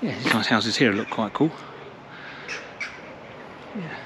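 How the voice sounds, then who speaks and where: Slow and expressive, a man from England with a mid-range voice narrates a casual vlog while walking through a village. The travel vlogger chats, rambles, and repeats his words, and clear traffic noise fills the outdoor recording.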